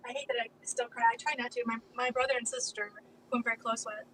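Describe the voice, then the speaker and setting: Distant, soft-spoken middle-aged woman. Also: on the high side, flat delivery. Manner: soft, halting, hesitant with fillers. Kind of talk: casual chat on a live stream. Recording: distant mic with background noise.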